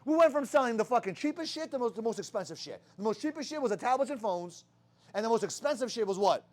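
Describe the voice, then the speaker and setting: Young male sales leader, high voice, brash and profane, fires off rhetorical questions at his team. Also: animated, fast. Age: young adult. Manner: rhetorical questions, heavy swearing. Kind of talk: profane motivational sales talk.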